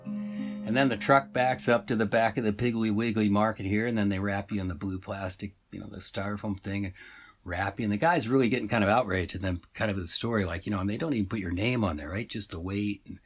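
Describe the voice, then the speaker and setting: A man's voice: fairly low pitch, fairly even intonation, quick pace, soft background music. A man casually retelling a story, meandering and full of asides and fillers.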